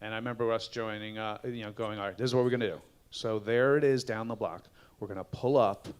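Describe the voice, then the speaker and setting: A middle-aged actor on a fan panel, telling casual anecdotes and acting out the lines of other people. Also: male voice, fairly low pitch, quick pace, clear, resonant tone. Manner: animated, acts out quotes. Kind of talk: casual storytelling Q&A.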